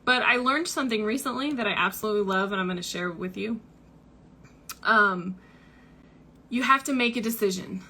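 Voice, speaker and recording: Young woman host, bright higher voice, candid, rambling livestream chat. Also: a little hiss or hum. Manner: candid, chatty, filler-heavy storytelling. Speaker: book club host.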